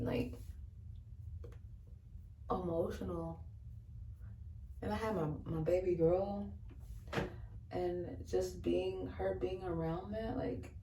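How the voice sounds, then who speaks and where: A young adult woman vlogger sharing a casual faith testimony while getting ready, earnest and chatty, with lots of "you know" and quick laughs. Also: lowish voice, warm tone, slight background noise. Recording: roomy sound from a mic some distance away.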